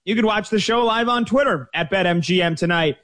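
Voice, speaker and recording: A man hosting a sports betting radio show, opening it in an energetic, promotional way. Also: high voice, brisk.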